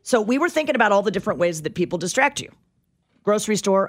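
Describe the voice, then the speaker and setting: Woman, radio co-host, lively up-and-down delivery, chatty, wry. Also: medium pitch, fast. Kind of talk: morning radio banter.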